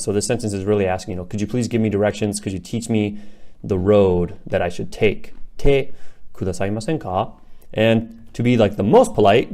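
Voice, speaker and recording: Young male teacher, low mellow voice, laid-back explainer full of fillers. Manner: relaxed, many fillers like "you know" and "like". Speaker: Japanese teacher. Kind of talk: casual language lesson.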